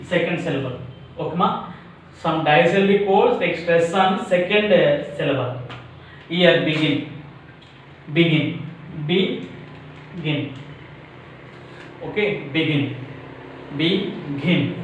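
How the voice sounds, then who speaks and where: A man's voice: on the high side, a little hiss or hum. A man teaching a grammar lesson, drilling each word aloud over and over. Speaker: English teacher. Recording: very echoey room, mic far off.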